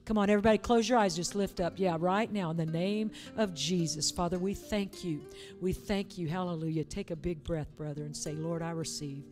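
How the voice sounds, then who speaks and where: A woman's voice: on the low side, brisk, a little mellow, soft background music. A woman preacher leading a church service, urging and coaxing the congregation in a fervent, repetitive way. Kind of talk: sermon with altar call.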